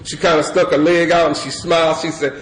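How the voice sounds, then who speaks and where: A middle-aged man telling his story to a recovery meeting in loose, animated talk full of "you know" and "man". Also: fairly high pitch, fairly quick. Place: meeting hall with an audience. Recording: echoey room with audience and background noise.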